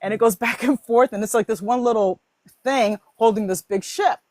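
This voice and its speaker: A woman hosting a casual chat about mindset, telling animated stories full of laughs and voiced quotes. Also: a little high, moderate pace. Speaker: host.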